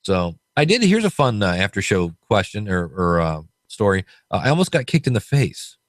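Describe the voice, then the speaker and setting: A man's voice: fairly low pitch, big pitch swings, moderate pace, no echo. A man hosting a podcast, chatting casually and telling stories with quoted voices. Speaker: podcast host.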